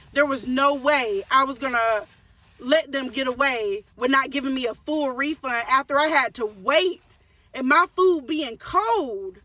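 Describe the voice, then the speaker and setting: A woman's voice: sits high, pushed and bright, recorded from a distance. A woman telling a storytime to her viewers in a casual rant, emphatic and repeating her phrases with frequent restarts.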